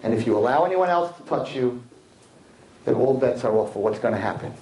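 A man, a rabbi telling a story to a live audience in an animated sermon, acting out the people in it. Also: brisk, reverberant, a little hiss or hum, poor audio. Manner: animated storyteller acting out quotes, swinging loud and high. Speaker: rabbi giving a talk to young people.

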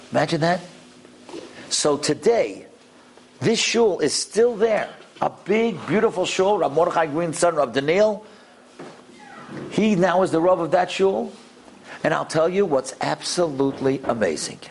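A man telling a moving story to an audience, animated and emphatic, sprinkled with Yiddish words. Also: fairly high pitch, a little slow, long pauses, slight background noise.

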